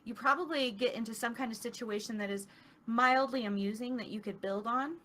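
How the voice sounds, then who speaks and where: A woman's voice: a little high, fairly quick, sharp tone. A woman talking casually as an interview guest, chatty and laughing often. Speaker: interview guest, online show producer. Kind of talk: casual chat.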